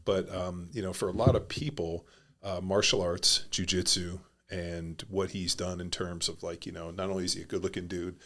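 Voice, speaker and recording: Blunt, deep-voiced man podcasting. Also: little pitch movement, normal speed, a bit bright. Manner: blunt, profane, rambling. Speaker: podcast host. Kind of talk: casual podcast chat.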